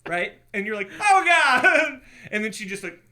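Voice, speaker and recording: A man co-hosting a podcast, telling a story in casual chat and acting out shouted quotes. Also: sits high, flat delivery, fairly quick. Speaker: podcast co-host.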